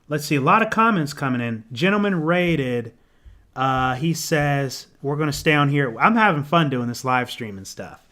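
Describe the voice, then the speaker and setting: A young man casually answering viewer comments on a live stream, rambling with ums and restarts, clearing his throat and losing his voice. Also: medium pitch, a bit bright. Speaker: menswear YouTuber hosting a live Q&A.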